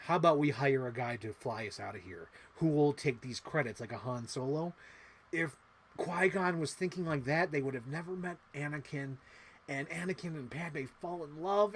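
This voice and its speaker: A man hosting a casual livestream, rambling excitedly and swearing often, acting out little movie quotes as he talks. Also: fairly high pitch. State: emotional. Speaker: livestream host.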